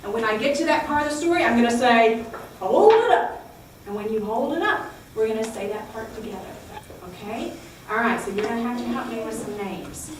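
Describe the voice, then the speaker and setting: A woman tells a Bible story to a group of children, her voice high and lively as she exclaims and coaxes them to repeat lines back. She is recorded from a distance in a very echoey room, with faint background noise. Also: fast. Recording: echoey room, heard from far off.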